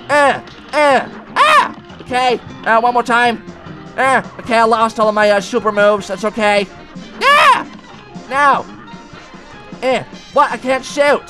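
A man voicing an excitable male cat, commenting on a game, yelping and talking back to the bosses. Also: extremely high pitch, full character voice. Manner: yelps and screams, talks to the bosses. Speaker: let's play gamer.

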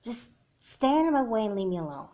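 A snappy, dismissive big-sister girl, voiced by a woman for a homemade doll movie. She sits a little low in pitch and brushes everyone off. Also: moderate pace, lightly acted. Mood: curt. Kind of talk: home doll-movie voice acting.

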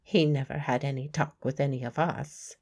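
A woman's voice: rumbling low, fairly even intonation, normal speed, mellow, voice pushed down. A woman narrator voicing a guarded, blunt working-class woman medium in an audiobook.

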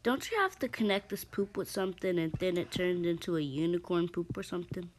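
A woman's voice: on the low side, lively intonation, brisk, background noise. A woman hosting a casual game-play video, chatty and rambling, full of ums and asides to her viewers, and slightly out of breath. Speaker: gaming channel host.

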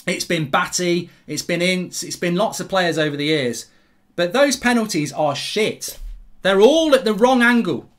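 A man's voice: high voice, expressive, unhurried, fairly bright tone. A middle-aged English man giving a blunt, sweary live reaction to a football match.

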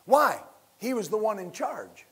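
Husky high-voiced preaching man. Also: big pitch swings, measured pace. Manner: preaching with call-and-response; rising to loud emphatic bursts. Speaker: pastor. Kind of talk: sermon.

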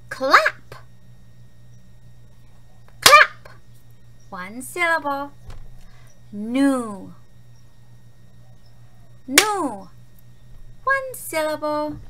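A woman teaching a kindergarten phonics lesson, modeling words slowly and clearly and praising the children. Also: on the high side, noisy background. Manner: slow, clearly enunciated word modeling with praise.

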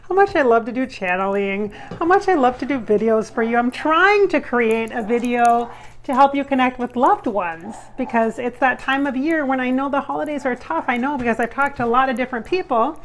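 A woman's voice: high-pitched, lively intonation, normal speed. Chatty woman vlogging from her bedroom. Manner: chatty and rambling, keeps breaking off to call the dogs. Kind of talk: casual home vlog. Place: small nook in her bedroom. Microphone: phone camera.

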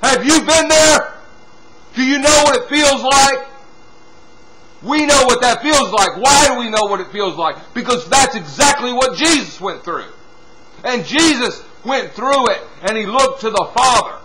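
A man preaching a sermon, dropping from loud appeals to hushed, quiet passages and punctuating with "see?" and "hallelujah". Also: very high voice, expressive, measured pace, over a noisy crowd, rough recording. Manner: swings from loud exhortation to hushed near-whispers.

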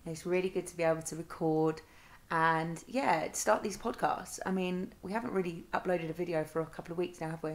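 A woman's voice: fairly low pitch, steady tone, a little fast. A young woman, co-hosting a podcast in a bubbly, chatty way. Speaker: podcast co-host. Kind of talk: casual chat.

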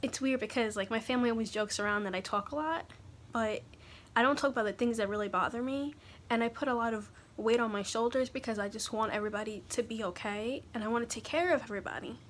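A young woman talking haltingly in a personal confessional vlog, pausing often to collect her thoughts. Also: on the high side, slight background noise. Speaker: vlogger.

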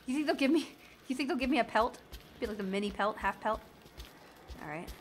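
A woman's voice: on the high side, lively intonation, brisk, a little hiss or hum. A woman from the southern United States giving chatty, jokey commentary while playing a video game. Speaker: gaming streamer. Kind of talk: casual gameplay commentary.

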